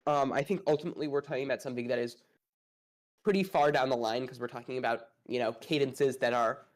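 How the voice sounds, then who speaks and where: A man's voice: medium pitch, fast. A man arguing one side of a casual space debate, hedging and thinking aloud with many fillers.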